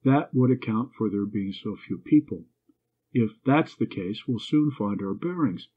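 A man reading a brisk, good-humored young gentleman. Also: lowish voice, animated, slightly rough. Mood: reassuring. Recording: tinny phone-like line.

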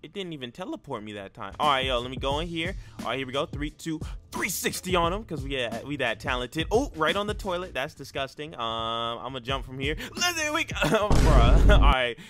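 A man's voice: fairly high pitch, fairly quick, few pauses, music in the background. A man giving casual, slangy let's-play commentary as a YouTuber, talking with energy and hype while he plays. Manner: energetic, slangy, hyped-up chatter. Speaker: YouTuber gamer.

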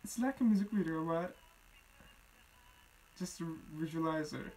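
A reaction video host talking casually while watching a music video, exclaiming often in simple, halting phrases. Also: medium pitch, rough recording. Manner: excited, exclaims repeatedly.

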